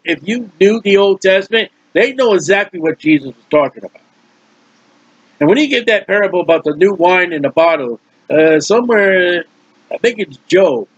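A man's voice: high-pitched, slightly rough, no echo. A male preacher teaching from the Bible in a conversational, emphatic way, repeating words for stress and adding folksy asides. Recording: dull, dry lo-fi recording.

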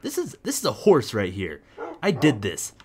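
Excitable young man narrating his gameplay. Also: medium pitch, normal speed, a little hiss or hum. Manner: excitable, rambling, jokey. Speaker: gaming video host. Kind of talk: casual let's-play commentary.

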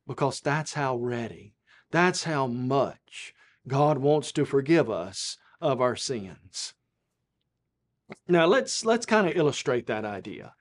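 A man preaching a televised Bible lesson, rising to emphatic peaks and then dropping low and soft, quoting scripture in a measured cadence.

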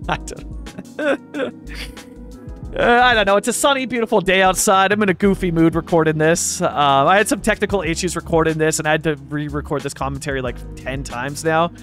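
A man's voice: a little high, moderate pace, a bit bright. A man from Vancouver giving casual gameplay commentary over a city-building game, rambling, chuckling often and thinking aloud. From Canada (Vancouver). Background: faint background music.

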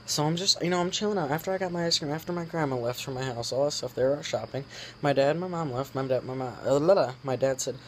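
A man's voice: medium pitch, fast, a little hiss or hum. A teenage boy ranting casually to camera, irritated, swearing and rambling with lots of fillers. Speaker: vlogger.

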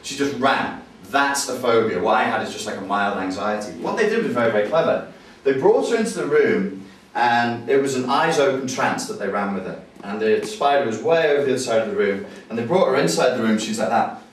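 Animated man in echoey hall. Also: mid-range voice, brisk, a little hiss or hum. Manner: animated, jokey, acts out voices and screams. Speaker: NLP trainer. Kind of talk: lively teaching with acted-out stories. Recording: very echoey room, distant mic.

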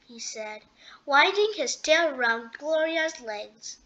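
A woman reading a children's storybook aloud at bedtime, slowly and clearly. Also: high-pitched, lively intonation, fairly bright tone. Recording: dull lo-fi sound.

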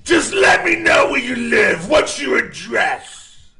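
A shrieking evil clown host. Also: male voice, very high voice, very animated, takes it slowly, creaky, echoey room, raised voice, loud music behind the voice, exaggerated voice. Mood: taunting. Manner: screeching, insulting, cackling. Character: shrill cackling evil male clown host. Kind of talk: live call-in show.

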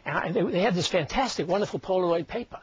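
A man's voice: high-pitched, animated, fast, dull audio, heavy background noise. An older man performing comedic magic patter as a magician, a wisecracking, chatty showman.

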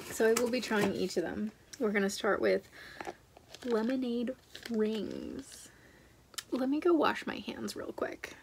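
A young woman talks through an unboxing in a chatty, gushing way, often breaking off and starting her sentences again. Her voice has a gravelly edge. Steady background noise runs under the home recording. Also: on the high side, a little slow. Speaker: book vlogger. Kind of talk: casual vlog chat.

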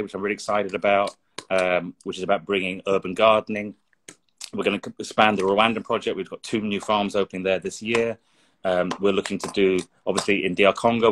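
Man, middle-aged, from England, low voice, earnest, reflective, repeats words while thinking. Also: fairly bright tone, slight background noise. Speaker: guest. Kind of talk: interview conversation.

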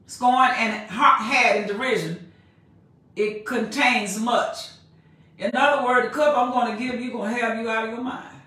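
Woman preacher, sermon, slow emphatic scripture reading, plain-spoken asides, bright voice, heard from a distance. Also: fairly high pitch. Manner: reads verses slowly and emphatically, then paraphrases in plain colloquial speech. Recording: echoey room, mic far off.

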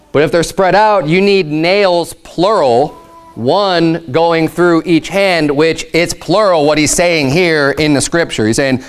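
A male pastor preaching a conversational sermon, emphatic and explanatory, slowing down to read scripture. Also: fairly high pitch, clear, resonant tone.

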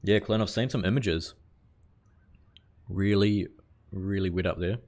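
A man's voice: deep voice, unhurried. Laid-back man streaming a game. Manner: relaxed, chatty, greets viewers while playing, mild swearing. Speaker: livestreamer. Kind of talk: casual live game commentary.

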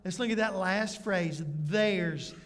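A man's voice: sits high, slow, a bit bright. A man preaching a sermon as pastor in a conversational way, full of rhetorical questions. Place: church sanctuary. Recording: church hall reverb.

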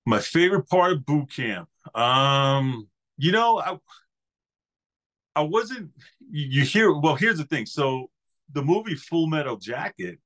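A man's voice: mid-range voice, fairly bright tone. A man in his fifties from New York, a podcast guest telling easygoing, rambling stories about his years as a Marine. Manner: rambling anecdotal storyteller, easygoing. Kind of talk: casual interview storytelling.

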